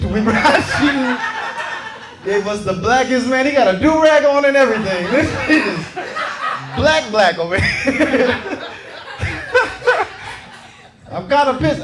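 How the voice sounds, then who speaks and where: A man doing a stand-up set, brash and profane, teasing the crowd from a comedy club stage. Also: sits high. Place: comedy club stage before a laughing audience. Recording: roomy club sound with crowd laughter.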